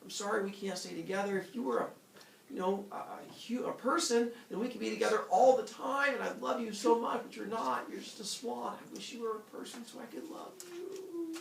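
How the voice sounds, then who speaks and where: A man voicing a lovesick young goddess, dramatic and whiny, with a squealing high voice. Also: a little fast, creaky, slight background noise. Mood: pleading. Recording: echoey room from a distant mic.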